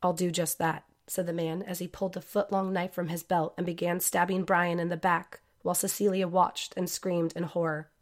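A woman narrating a true-crime story in a measured, scripted way. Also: fairly low pitch, little pitch movement.

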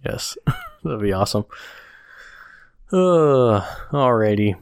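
A man co-hosting a podcast in casual chat, relaxed and chuckling, reading comics aloud. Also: medium pitch, takes it slowly, clear, resonant tone, dry recording, studio quality. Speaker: podcast co-host.

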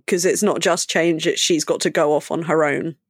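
Wry woman co-host, measured book-chat delivery, dry close mic. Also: sits low, fairly even intonation, breathy edge, no echo. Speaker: podcast co-host. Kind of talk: casual book discussion.

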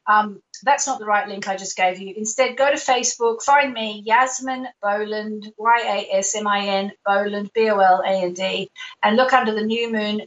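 Woman hosting a call-in show, chatty, kinda far from the mic, dull sound. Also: mid-range voice. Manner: warm, chatty, reassuring, self-correcting. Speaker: astrology show host.

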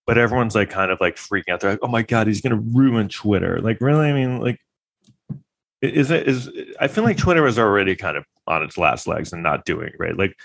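Man with a lowish voice for a chatty vlog, loose and sarcastic, heavy on fillers. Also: very animated, fairly quick, creaky, fairly bright tone. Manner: rambling, heavy use of filler words; sarcastic, incredulous. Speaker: vlogger giving trial commentary. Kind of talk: casual rambling commentary.

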